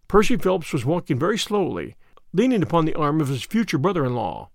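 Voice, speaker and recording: A man giving a measured, expressive scripted narration of an audiobook. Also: fairly high pitch, gravelly, no room sound, clean studio sound.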